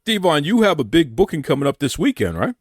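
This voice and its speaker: A man's voice: on the high side, big pitch swings, fast, dry recording, studio quality. A man hosting a podcast interview, upbeat and encouraging as he promotes his guest. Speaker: podcast host.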